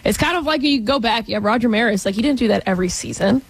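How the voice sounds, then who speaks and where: A woman's voice: a little high, fast, vocal fry, slightly rough, rough recording. A woman co-hosting a sports talk show, giving blunt opinions on players. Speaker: sports radio co-host.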